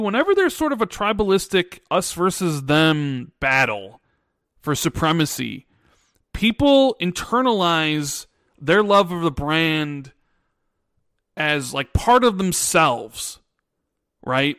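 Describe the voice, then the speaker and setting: A man's voice: on the high side, big pitch swings, takes it slowly, a bit bright, smooth, no echo, clean studio sound. A man in his thirties, co-hosting a podcast, who chats casually and tells rambling stories with many restarts. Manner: rambling storyteller, restarts often. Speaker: podcast co-host. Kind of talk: casual chat.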